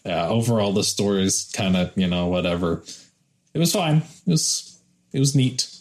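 A man's voice: on the low side, expressive, moderate pace, darkish tone. A man giving a hesitant, noncommittal opinion in a casual film podcast chat.

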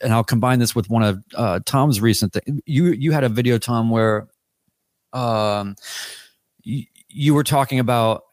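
A man's voice: mid-range voice, unhurried, dry recording. A male podcast co-host with a mid-range voice talks in a casual, meandering way. He often restarts his sentences as he goes. The sound is dry and close. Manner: rambling, with many restarts and fillers.

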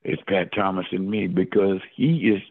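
A man's voice: low-pitched, normal speed. An older man, a former football player, telling his story as an interview guest in an emotional way, repeating his words and exclaiming often. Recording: phone-line call audio.

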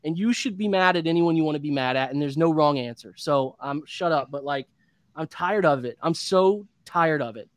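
A man's voice: on the high side, a little fast, no echo. A man in his thirties hosting a postgame sports show, venting in an impassioned, repetitive rant. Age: 30s. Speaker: podcast host.

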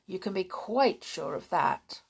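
A woman's voice: on the low side, expressive, a little slow, vocal fry, husky, full character voice. A woman voicing a young boy who patiently explains and reassures his friends. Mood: reassuring. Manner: earnest, explaining.

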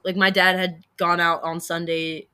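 A woman's voice: lowish voice, flat delivery, normal speed, bright, forceful tone, smooth. A woman in her twenties, a podcast guest, telling a personal story in a frank, casual way and swearing freely.

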